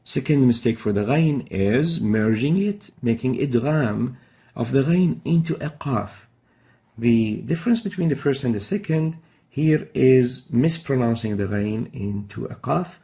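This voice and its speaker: Gravelly, dark-voiced man teaching recitation. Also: medium pitch, animated, measured pace. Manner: explains step by step, then demonstrates the Arabic sounds himself. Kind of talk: recorded tajweed lesson.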